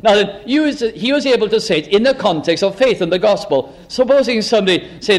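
A high-pitched male preacher with a possible lilt delivers a dramatic sermon. He stretches out his phrases for weight and slips into mocking voices when quoting proud, self-satisfied people. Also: expressive. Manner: dramatic, acts out boastful quoted voices, slow emphatic phrasing.

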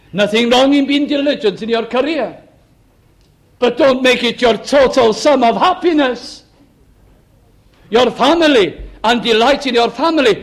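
A man's voice: very high-pitched, gravelly. A man preaching a sermon with fervent, rhythmic emphasis and repeated refrains. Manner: fervent, rising to emphatic repeated cries then dropping to hushed close.

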